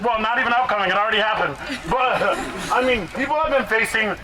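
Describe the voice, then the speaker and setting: A man's voice: high-pitched, fast, rough recording. An out-of-breath man giving an earnest, impassioned protest speech at an outdoor rally. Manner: earnest, repetitive, shouts to the crowd. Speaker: rally speaker. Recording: outdoor rally with heavy background noise.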